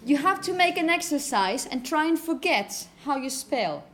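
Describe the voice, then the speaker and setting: High-voiced woman teaching pronunciation. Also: animated, a bit bright. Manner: repeats words slowly to model pronunciation; asks "okay?" often to check understanding. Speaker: phonetics teacher. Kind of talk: classroom lecture. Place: classroom.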